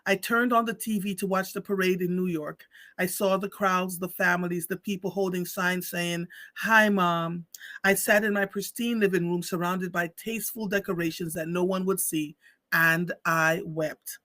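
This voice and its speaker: A man hosting a livestream, reading a story aloud slowly and with feeling, then chatting with viewers. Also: high-pitched, steady tone, bright, forceful tone, dry recording. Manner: slow, heartfelt reading with dramatic pauses. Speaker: livestream host.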